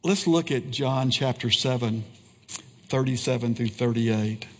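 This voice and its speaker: Slow, earnest male preacher in a hall. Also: medium pitch. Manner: slow, earnest preaching with pauses and repeated phrases. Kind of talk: sermon.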